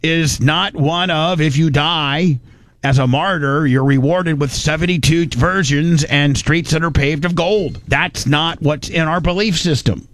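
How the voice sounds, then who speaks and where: A man's voice: a little high, unhurried, a bit bright, no echo. A man hosting a talk radio show, giving blunt, mocking commentary that rambles and repeats words as he goes. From United States.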